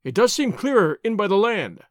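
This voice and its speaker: A man's voice: high-pitched, big pitch swings, moderate pace, no room sound, studio quality, pitched above the performer's own voice. A man reading as a sailor calling from aloft.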